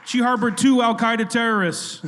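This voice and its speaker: A man in his thirties riffs through a live comedy podcast on stage, self-deprecating and quick with a joke. His voice sits high for a man and carries a long reverb from a big hall. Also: steady tone, fairly bright tone, slight background noise. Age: 30s. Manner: jokey, self-deprecating, riffing with the crowd. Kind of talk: live stand-up banter. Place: legion hall stage before a live audience.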